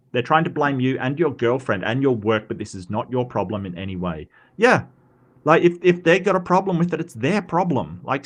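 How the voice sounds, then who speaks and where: An Australian man hosting a stream, chatting casually and reading posts aloud, animated with lots of fillers and restarts. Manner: animated, quick pitch jumps, frequent fillers and restarts. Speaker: streamer host.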